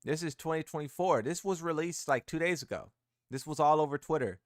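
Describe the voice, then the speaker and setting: A man's voice: a little high, fairly quick, no echo, clean studio sound. A man streaming live and reacting casually to gaming posts, rambling, repeating himself and using slang.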